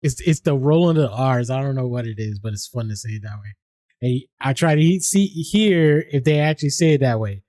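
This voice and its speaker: A man's voice: mid-range voice, expressive, brisk, dark tone, dry recording, studio quality. A man, chatting casually and rambling on his game stream, swearing freely and laughing often.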